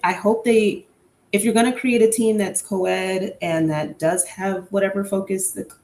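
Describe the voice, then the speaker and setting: A woman's voice: medium pitch, darkish tone, reverberant. A young adult woman hosting a casual solo podcast, chatty and candid with an opinionated, filler-heavy way of talking. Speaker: podcast host.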